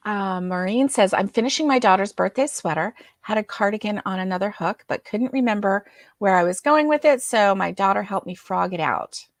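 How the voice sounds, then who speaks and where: A woman's voice: mid-range voice, lively intonation, a little fast, no room sound, studio quality. A woman hosting a casual crochet livestream, reading viewer comments aloud and greeting each viewer by name.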